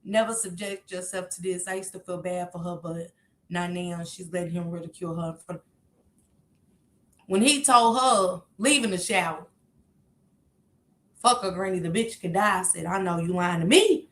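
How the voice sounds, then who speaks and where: A woman from Kentucky giving casual, emphatic reaction commentary as a streamer, swinging from loud outbursts to quiet asides. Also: lowish voice, normal speed, roomy sound.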